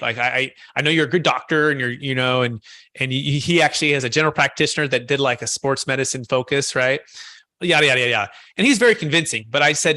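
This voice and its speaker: A man hosting a webinar, telling a personal story with animated quoted voices and many restarts. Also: fairly high pitch, fast talker, dry recording, studio quality. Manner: frequent fillers and restarts. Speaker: host. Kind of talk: casual webinar talk.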